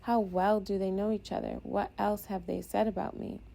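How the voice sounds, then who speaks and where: A woman reading a first-person audiobook in a steady, introspective way. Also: mid-range voice, normal speed, vocal fry. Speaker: audiobook narrator.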